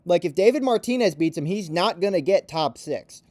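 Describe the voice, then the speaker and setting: A man's voice: sits high, lively intonation, normal speed, a little mellow, no echo. A man giving heated, profane and sarcastic commentary about fighters in a vlog. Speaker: MMA commentator.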